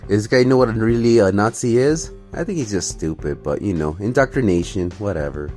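A man's voice: fairly low pitch, lively intonation, a little fast, darkish tone, soft background music. A man hosting a reaction video, giving sarcastic, scornful commentary on a clip and laughing at his own jokes. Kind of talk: mocking commentary over a clip.

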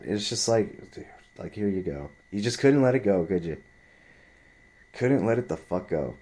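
A man's voice: lowish voice, animated, normal speed, mellow. A man in his twenties telling a story in a heated, profane, rambling rant. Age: 20s.

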